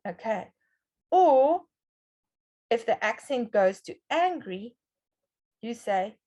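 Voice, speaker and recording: A woman's voice: a little high, sing-song, slow, pauses often, dark tone. A middle-aged woman presenting a webinar lesson on children's reading. She explains step by step and often checks in with "okay".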